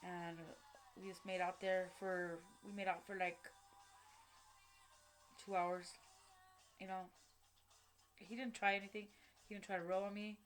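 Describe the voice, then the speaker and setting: A woman telling her personal story in a halting, blunt way, with many fillers and restarts. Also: mid-range voice, flat delivery, faint music behind. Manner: blunt, with casual swearing. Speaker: vlogger.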